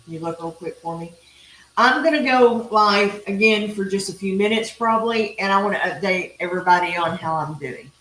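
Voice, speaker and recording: A woman's voice: medium pitch, moderate pace, fairly bright tone. A middle-aged woman with a Texan accent hosts a live cooking stream. She talks in a chatty, folksy way and drifts into rambling asides. The room is echoey, with a faint hiss underneath. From Texas. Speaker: cooking show host. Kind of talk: casual live-stream chat while grilling.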